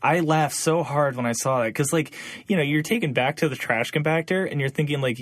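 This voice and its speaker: A man's voice: a little high, a little fast, no echo. Chatty man on a dry podcast mic. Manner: chatty, lots of fillers, laughs often. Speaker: podcast co-host. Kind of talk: casual chat.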